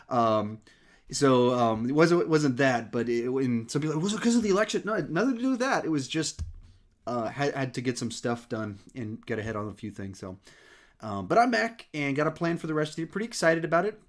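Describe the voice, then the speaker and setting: Male streamer host, relaxed chat, winded, lots of ums and restarts. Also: medium pitch. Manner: rambling, many fillers and restarts. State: slightly out of breath. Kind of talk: casual live-stream Q&A.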